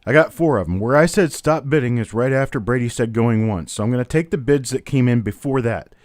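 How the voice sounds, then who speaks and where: A man's voice: mid-range voice, a little fast, dry recording, studio quality. Chatty man calling a live coin auction. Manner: chatty, calls out bidders and prices. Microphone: webcam on a stand.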